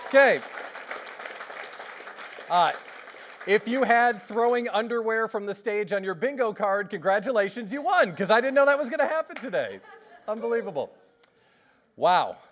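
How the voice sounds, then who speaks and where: A man hosting a live event, excitedly joking with the audience after a talk. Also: sits high, moderate pace, long pauses, some chatter behind. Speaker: host.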